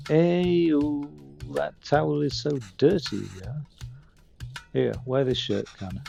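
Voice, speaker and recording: A man's voice: medium pitch, animated, a little slow, creaky, darkish tone, soft background music. A man streaming a game live, reading the characters' lines aloud and commenting between them.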